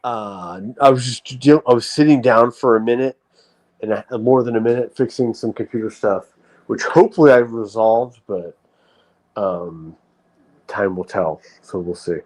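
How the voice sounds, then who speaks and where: A man's voice: lowish voice, moderate pace, a little mellow, low-quality recording. A man hosting a livestream, talking in a rambling, profane way with frequent restarts. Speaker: livestream host. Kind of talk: casual livestream rant.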